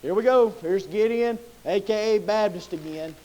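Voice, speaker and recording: A man's voice: high voice, moderate pace, mellow, dull audio. A man preaching a sermon with impassioned storytelling.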